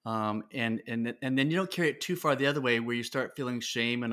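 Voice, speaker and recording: A middle-aged man, a podcast guest, talking earnestly about parenting with halting restarts. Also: mid-range voice, fairly bright tone. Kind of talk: casual podcast conversation.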